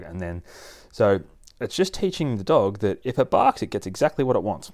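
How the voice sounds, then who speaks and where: A man's voice: on the low side, moderate pace, darkish tone. A man hosting a casual advice podcast on dog training, talking things through step by step with a few restarts. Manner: chatty, explains step by step with restarts.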